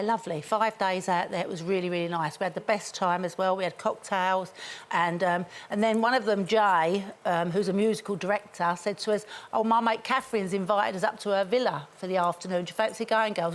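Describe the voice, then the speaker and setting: A woman's voice: medium pitch, fast talker. A woman panelist chatting and laughing as she tells a story on a talk show. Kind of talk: casual anecdote.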